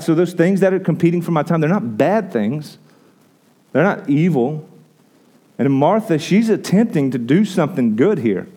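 Male pastor, warm low-key tone, conversational sermon, frequent restarts. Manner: conversational preaching with repeated restarts.

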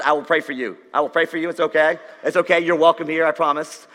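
A man's voice: on the high side, steady tone, quick pace, fairly bright tone. A male pastor giving a conversational, joking sermon to a congregation in a large church hall. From Dutch, Irish, Scottish and Jewish heritage. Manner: conversational, jokey preaching with audience asides. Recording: church hall with long reverb.

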